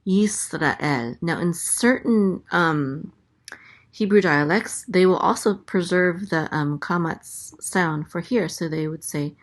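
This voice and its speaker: Slow, patient woman teaching Hebrew letters. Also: on the low side. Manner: slow, patient, repeats each sound. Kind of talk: letter-by-letter language lesson.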